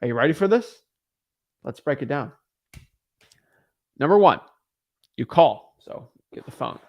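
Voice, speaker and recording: A man's voice: mid-range voice, expressive, measured pace, pauses often, dull audio. A man in his twenties teaching real estate wholesaling on a livestream, talking in a hyped-up, rambling way and correcting himself often.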